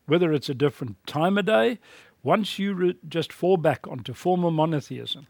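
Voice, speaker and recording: A man's voice: on the high side, expressive, moderate pace, gravelly, a little mellow, no room sound. A man teaching a recorded course lecture in a blunt, emphatic preaching manner.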